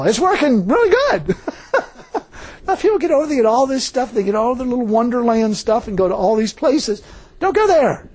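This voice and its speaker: An older man giving an informal, folksy sermon, laughing often and growing animated as he preaches. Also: very high voice, a little fast, husky.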